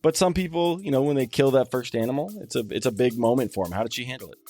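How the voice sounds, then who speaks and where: A man's voice: mid-range voice, quick pace, darkish tone, faint music behind. A man hosting a podcast, laughing along and asking casual follow-up questions. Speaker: podcast host. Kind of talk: casual interview chat.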